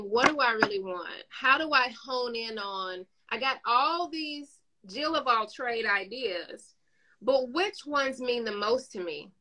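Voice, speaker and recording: Her voice sits high as she tells animated stories in casual conversation, acting out each quote. She's a business owner and coach with a New York accent, heard on a rough recording.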